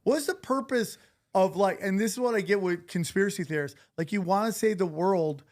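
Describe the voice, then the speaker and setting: Animated joking man hosting a podcast. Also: high voice, a little fast. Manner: animated, jokey storyteller who mimics others. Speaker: podcast host. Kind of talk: casual chat.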